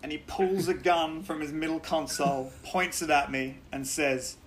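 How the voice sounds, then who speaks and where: An Australian man, a podcast guest, telling lively stories in casual chat, swearing freely and laughing often. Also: fairly high pitch, moderate pace, a little hiss or hum.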